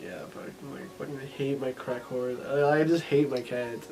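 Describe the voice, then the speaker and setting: A man chatting on a podcast, mid-pitched and loose, rambling from one story to the next with constant fillers and casual swearing. Faint music plays underneath. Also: steady tone, normal speed, a little mellow, poor audio. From family ties to Texas. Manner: rambling, profane, many fillers. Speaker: podcast host. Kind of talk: casual chat.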